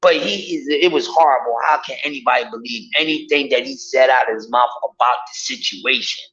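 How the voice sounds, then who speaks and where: A man ranting casually to his viewers, in an animated, profane and mocking way. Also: mid-range voice, brisk. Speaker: vlogger. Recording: dull lo-fi audio.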